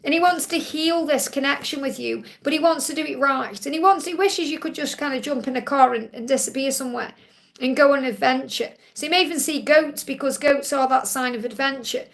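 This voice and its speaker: Woman doing a live card reading q&a, high voice w a bit of fry, reassuring, keeps saying okay. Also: fairly quick. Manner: reads out viewer questions and relays messages. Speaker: psychic card reader. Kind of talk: live-stream tarot Q&A.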